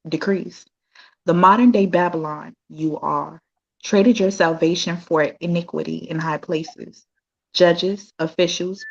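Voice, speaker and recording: A woman reading her own poems aloud in a slow, solemn recitation. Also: lowish voice, darkish tone, highs cut off. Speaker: guest poet.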